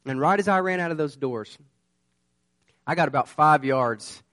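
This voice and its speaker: A man's voice: fairly high pitch, moderate pace, fairly bright tone, no room sound. Earnest preacher man, dry sound. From southern United States. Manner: earnest, conversational storytelling that builds to urgent warnings. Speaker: pastor. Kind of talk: sermon with personal storytelling.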